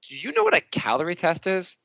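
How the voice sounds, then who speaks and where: A man's voice: high voice, wildly swooping pitch, fast talker, a bit bright, no echo. A man co-hosting a podcast, telling rambling stories in casual chat and acting out both sides of each conversation. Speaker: podcast co-host. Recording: dull lo-fi dry podcast mic.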